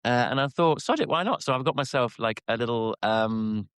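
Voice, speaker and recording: A man's voice: mid-range voice, lively intonation, a little fast, fairly bright tone, clean tone, no room sound. A man co-hosting a podcast, telling rambling casual stories full of fillers and restarts. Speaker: podcast co-host. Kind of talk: casual chat.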